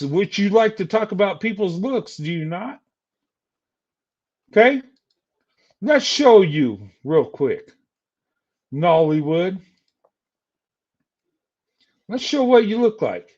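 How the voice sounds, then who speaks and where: A man's voice: sits high, dull audio. An older man streaming a heated, insulting rant at a rival. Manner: angry, insulting, taunting.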